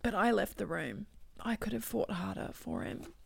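A woman telling a painful personal story, halting and tearful, often dropping into whispers. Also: medium pitch, very animated, vocal fry, slight background noise. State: crying. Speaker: bereaved daughter telling her story. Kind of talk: emotional personal testimony.

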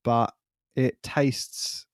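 A young man co-hosts a podcast, chatting casually, joking, and laughing often. He talks extremely slowly, and the recording has studio quality with no room sound.

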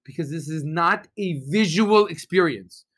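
A man's voice: on the high side, a little slow. A man, a rabbi, giving a sermon, telling stories and asking the congregation rhetorical questions, reading Hebrew verses aloud. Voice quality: Hebrew phrases read with traditional pronunciation. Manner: animated storytelling with rhetorical questions.

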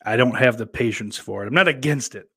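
A man's voice: mid-range voice, a little fast, fairly bright tone, husky. A man with a Southern US accent, hosting and reading chat messages aloud, rambling and swearing bluntly. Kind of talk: casual chat.

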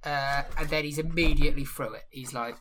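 A woman's voice: low-pitched, a little fast, fairly bright tone, slight background noise. A woman playing a tabletop game, eager and joking. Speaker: player. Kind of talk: casual tabletop play.

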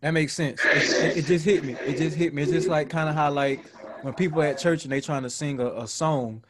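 Laid-back podcast host, slightly high voice. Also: male voice, fairly even intonation, brisk. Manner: laughs a lot, jumps into high voices to mimic people. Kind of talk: casual group chat.

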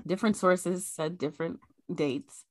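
A chatty woman co-hosting a casual podcast, talking in a loose, rambling way with lots of fillers. Her voice sits a little low, and the sound is dry and close. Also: a little slow, dry recording. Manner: chatty, laughs often, many fillers. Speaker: podcast co-host. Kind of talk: casual chat.

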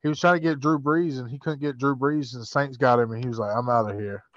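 A man's voice: medium pitch, steady tone, quick pace, a crowd in the background. A man who is a guest on a podcast in casual sports chat, argumentative and laughing often. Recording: dull lo-fi sound.

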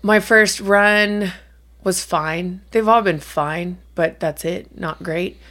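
A woman's voice: fairly low pitch, takes it slowly, a bit bright. A middle-aged woman co-hosting a podcast, telling stories in a casual, chatty way and swearing now and then. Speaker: podcast co-host. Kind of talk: casual chat.

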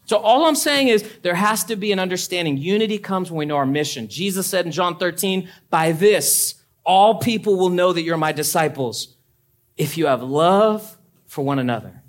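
A man's voice: high-pitched, animated, moderate pace. A young adult man preaching a sermon as a pastor, talking conversationally and swinging into emphatic, climbing peaks.

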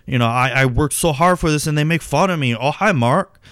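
A man's voice: on the high side, fairly quick, a bit bright, clean tone, no echo, studio quality, pitched above the performer's own voice, natural voice. Man doing a hurt, whiny eccentric filmmaker.

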